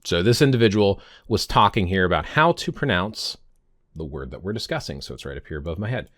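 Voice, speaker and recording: This man in his fifties vlogs to camera about pagan topics in a loose, rambling way, tripping over words and frequently correcting himself. The voice sits low and a bit bright, with lively intonation and a slightly quick delivery, in a studio-quality recording with no room sound.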